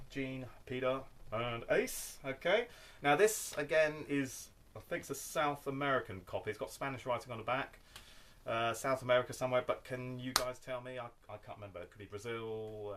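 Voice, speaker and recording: A man's voice: mid-range voice, fairly bright tone, slight background noise. A man showing his record collection in a casual vlog, rambling with wry asides and tagging his points with "okay?". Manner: rambling, tags lines with "okay?"; wry, self-deprecating asides. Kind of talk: casual show-and-tell vlog.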